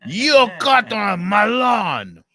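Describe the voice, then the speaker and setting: A man putting on an Italian accent to play an angry old Italian neighbor who talks slowly and loudly. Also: high-pitched, big pitch swings, no room sound, pitched above the performer's own voice, heavily acted. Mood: indignant. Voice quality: loud, slow, indignant.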